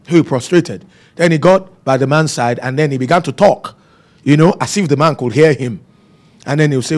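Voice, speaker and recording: Gravelly preacher man. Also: a little high, normal speed. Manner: storytelling, emphatic repetition. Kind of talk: sermon.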